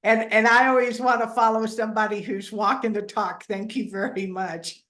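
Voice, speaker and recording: A woman's voice: mid-range voice, fairly even intonation, normal speed, a bit bright. A woman hosting an interview, reflecting on and affirming what her guest says. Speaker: interview host. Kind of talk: casual interview chat.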